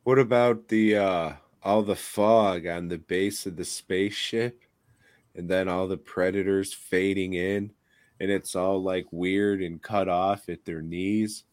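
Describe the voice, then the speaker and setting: A man's voice: low-pitched, fairly even intonation, slow pace, no room sound, studio quality. A man co-hosting a podcast, trading crude, joking banter in casual chat. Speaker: podcast co-host.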